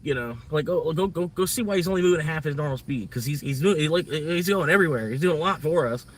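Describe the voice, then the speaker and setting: A man's voice: fairly high pitch, expressive, quick pace, recorded from a distance. A man livestreaming a casual, rambling, profane rant about work and money. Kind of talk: casual venting monologue.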